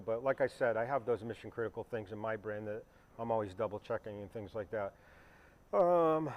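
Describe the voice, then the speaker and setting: A man hosting a live stream as a pilot, talking casually and rambling with asides to his viewers. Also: mid-range voice. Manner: conversational, rambling with fillers and asides. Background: helicopter starting up nearby.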